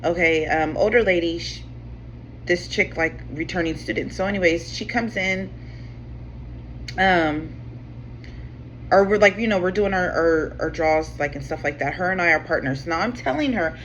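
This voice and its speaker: Rambling low-voiced woman telling a story. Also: normal speed, fairly bright tone, a little hiss or hum. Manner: rambling, full of "like" and "you know what I'm saying", swears freely. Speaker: tarot channel host. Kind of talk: casual storytime chat. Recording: slightly dull sound with faint room ambience.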